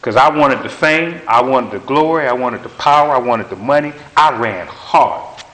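A man preaching a sermon in a roomy, echoing space, with an emphatic, repetitive cadence. He sits at an ordinary middle pitch and drives home short phrases again and again. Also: moderate pace, fairly bright tone. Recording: roomy echo.

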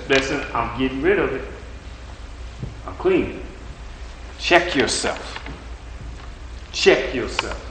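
A man's voice: a little high, bright, forceful tone, a little hiss or hum. Emphatic preacher man in an echoey room. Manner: emphatic, repetitive preaching cadence with rhetorical questions. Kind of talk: sermon.

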